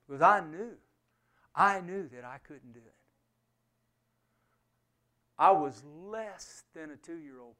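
Earnest higher-voiced male preacher. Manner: earnest, swings from loud emphasis to hushed near-whisper. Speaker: pastor and missionary. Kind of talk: sermon.

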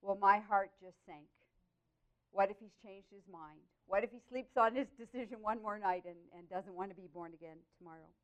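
A woman with a mid-range voice shares her personal Christian testimony, telling it earnestly and expressively with lively swings in her voice. The audio sounds dull and lo-fi.

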